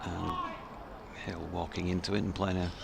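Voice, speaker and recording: Yorkshire man, co-commentator, low gravelly voice, describes each ball, noisy outdoor feed. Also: little pitch movement, moderate pace. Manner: descriptive, explains the technique of each delivery. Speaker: cricket co-commentator. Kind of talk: live sports commentary. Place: commentary position at an outdoor cricket ground.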